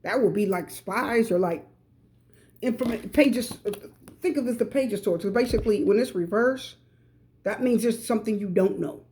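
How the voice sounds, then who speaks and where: A woman's voice: mid-range voice, normal speed, warm tone, slight background noise. A middle-aged woman from the United States giving a pick-a-card tarot reading, chatty and emphatic, repeating her advice straight to viewers. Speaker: tarot reader.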